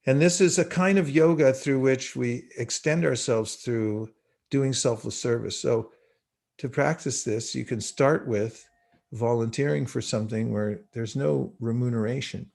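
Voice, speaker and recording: Calm man in his sixties teaching. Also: mid-range voice, vocal fry. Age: 60s. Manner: unhurried, measured teaching with frequent pauses. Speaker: spiritual teacher. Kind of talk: guided spiritual talk. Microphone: video call.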